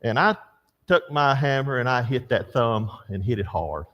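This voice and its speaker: A man's voice: mid-range voice, moderate pace, lo-fi sound. Older man teaching a Bible class. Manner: storytelling, animated, asks the class questions.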